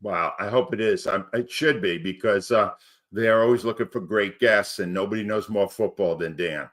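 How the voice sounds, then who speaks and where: A man's voice: on the low side, normal speed, a bit bright. A man in his sixties, a retired sports radio host, reminiscing in a casual interview.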